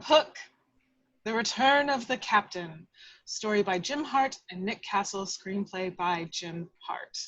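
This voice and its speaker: A woman's voice: medium pitch, no echo, lo-fi sound. Woman reading stage directions aloud. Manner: measured, expressive reading. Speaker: narrator reading action lines. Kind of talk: table read narration.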